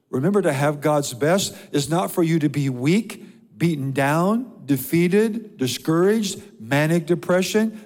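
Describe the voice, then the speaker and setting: A man's voice: fairly high pitch, darkish tone, long reverb tail. A man preaching a sermon as pastor, reading scripture and building repeated lists of blessings. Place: church sanctuary.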